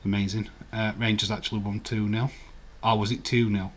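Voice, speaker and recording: A man's voice: lowish voice, flat delivery, brisk. A man hosting a live stream, chatting casually and rambling while he answers viewer comments and laughs often. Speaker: livestream host. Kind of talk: casual live watch-along chat.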